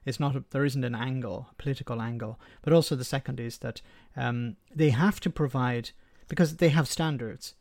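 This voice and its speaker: Gravelly man explaining in casual chat. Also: medium pitch, brisk, few pauses, darkish tone, no room sound, studio quality. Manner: explanatory, repeats words as he thinks. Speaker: podcast co-host.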